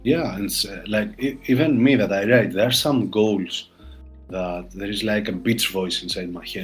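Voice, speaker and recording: A man from Greece, a Greek speaker using English, talking animatedly as a podcast guest and mimicking his inner critic in a higher voice. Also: moderate pace, faint music behind. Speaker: surgeon. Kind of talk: casual podcast conversation.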